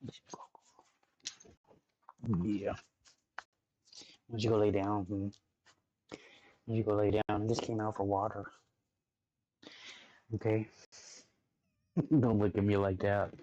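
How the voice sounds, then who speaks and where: A man's voice: on the low side, level tone, moderate pace, pauses often, dark tone, no echo, lo-fi sound. A man streaming and reacting to videos, talking loosely with lots of 'like' and 'dude'. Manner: loose slangy talk with constant 'like' and 'dude'; chatty, talks playfully to his dog. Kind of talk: casual reaction stream chat.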